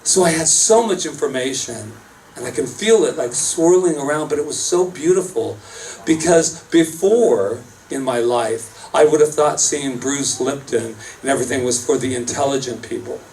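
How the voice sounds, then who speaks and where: A chatty male minister preaching in a loose storytelling style with self-mocking asides. His voice sits a little away from the microphone, and faint room noise carries under it. He speaks at a medium pitch. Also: lively intonation, normal speed, darkish tone, distant mic, rough recording. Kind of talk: casual storytelling sermon. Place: church service space.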